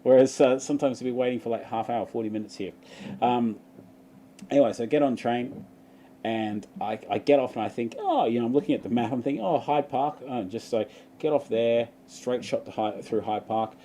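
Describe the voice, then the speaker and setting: Aussie bloke rambling thru a story on a live chat, mellow low-key voice, bit of faint hiss behind. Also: male voice, steady tone, fairly quick. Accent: Australian. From Australia. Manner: rambling storyteller, laughs often. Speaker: vlogger. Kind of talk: casual livestream chat.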